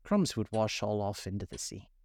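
A melancholy old mock turtle from a storybook, speaking slowly and solemnly, easily offended, as a man voices him. The voice sits low and dark with wide swings in tone. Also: very animated, creaky, full character voice.

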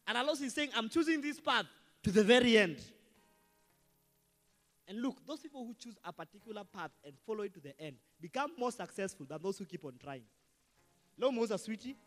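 A man preaching a sermon as pastor, animated and shifting between quiet asides and loud outbursts. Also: high-pitched, long reverb tail.

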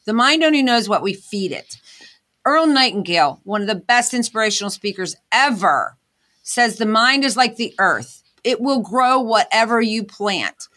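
In a candid interview, a woman talks earnestly about how she became an inventor and motivational speaker. She has a slightly high voice that sounds pushed and bright.

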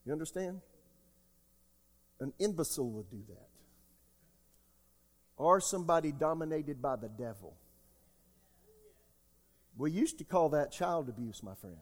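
A man in his sixties preaching a sermon as pastor, emphatic, jumping between loud outbursts and quiet asides. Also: on the high side, lively intonation, measured pace, pauses often. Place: church sanctuary. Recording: long hall reverb.

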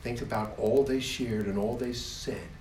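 Brief: slow, emphatic male preacher, repeats phrases, echoey room. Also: mid-range voice, steady tone, a little mellow, recorded from a distance, slight background noise. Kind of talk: sermon. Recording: roomy echo.

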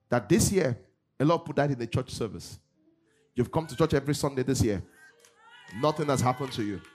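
A man preaching a sermon in church, swinging between loud bursts and low asides. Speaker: pastor. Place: church service.

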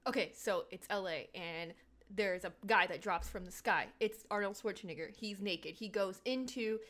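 A woman co-hosting a casual podcast, telling a story in a loose, rambling way. Her delivery is deadpan, and she tosses in quick lines in other people's voices. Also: mid-range voice. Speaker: podcast co-host.

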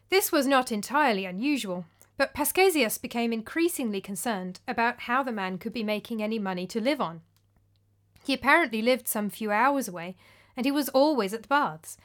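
A woman reading a story aloud in a calm, measured storytelling style. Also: a little high. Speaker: narrator. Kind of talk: storytelling narration.

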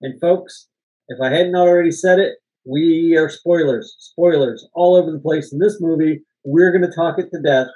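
Man, slightly raised pitch, casual movie-podcast chat, rambling anecdotes, frequent laughs. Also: normal speed, warm tone, muffled recording. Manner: rambling storyteller, laughs often, swears. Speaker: podcast co-host.

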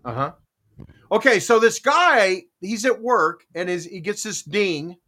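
A man's voice: high-pitched, unhurried. A man on a talk panel, retelling stories in a casual chat and acting out the people in them. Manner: animated storyteller, acts out both sides of quoted exchanges. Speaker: panel host.

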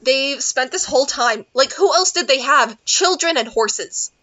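Young woman, casual podcast chat, bright tone, giggly and rambling, muffled lo-fi sound. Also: high voice, animated, a little slow. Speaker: podcast co-host. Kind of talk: casual movie review chat.

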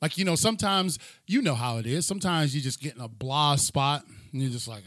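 A man's voice: a little high, expressive, fast, a bit bright, dry recording, clean studio sound. A man hosting a podcast, introducing his guest with a sing-song, showman's build-up, then chatting casually over a remote link. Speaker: podcast host. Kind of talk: hyped podcast introduction and chat.

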